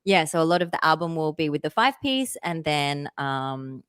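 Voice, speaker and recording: A woman musician as an interview guest, relaxed and upbeat, talking loosely with many fillers. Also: sits low, moderate pace, clean tone, no echo, clean studio sound. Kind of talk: casual interview.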